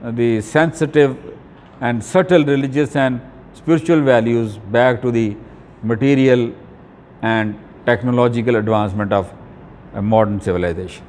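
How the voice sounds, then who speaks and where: A man giving an academic video lecture, talking deliberately with frequent fillers and restarts. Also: medium pitch, a little mellow, long reverb tail, a little hiss or hum.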